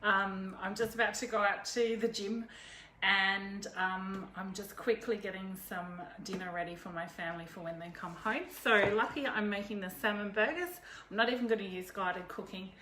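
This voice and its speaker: A woman's voice: medium pitch, steady tone, normal speed, pushed and bright. A woman hosting a live cooking demo from her home kitchen, chatty and rambling, laughing often between steps. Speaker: cooking video host. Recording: echoey kitchen, faint background noise.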